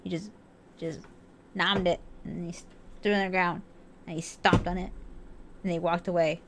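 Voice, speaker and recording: A woman's voice: lowish voice, little pitch movement, normal speed, noisy background. A young woman casually commenting on a game as she plays, chatty, laughing often and swearing freely. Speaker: let's-play streamer.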